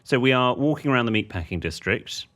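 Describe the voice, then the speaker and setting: A man co-hosting a podcast in easy, casual chat. His pitch swings a lot as he tells stories, and he slips into other people's voices along the way. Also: brisk. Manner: animated storyteller, doing voices in anecdotes. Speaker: podcast co-host.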